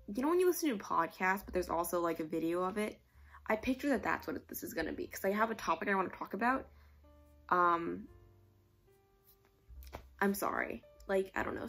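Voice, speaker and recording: A young woman from New York talks to the camera in a loose, rambling vlog, circling her point with likes and self-aware asides. Her voice is soft and breathy, and faint music sits underneath. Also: mid-range voice. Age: young adult. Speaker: vlogger. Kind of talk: rambling casual vlog chat.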